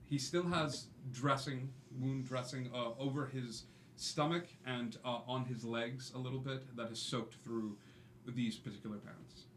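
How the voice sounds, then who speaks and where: A man's voice: medium pitch, steady tone, measured pace. Man narrating a tabletop game in an echoey room. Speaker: game master. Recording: echoey room with faint noise.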